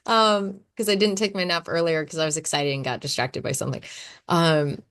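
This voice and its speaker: A woman in her thirties hosting a casual solo podcast, talking in a chatty, animated way and laughing often. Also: low voice, fairly quick. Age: 30s. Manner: chatty, animated, acts out her own quotes. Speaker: podcast host.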